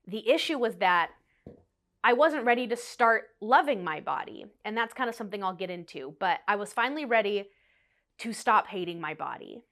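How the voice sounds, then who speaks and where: A woman's voice: a little high, lively intonation, normal speed, fairly bright tone. A young woman in her twenties talking candidly and emotionally to camera in a personal vlog, often quoting her own past thoughts aloud. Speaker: vlogger. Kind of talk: personal confessional chat to camera.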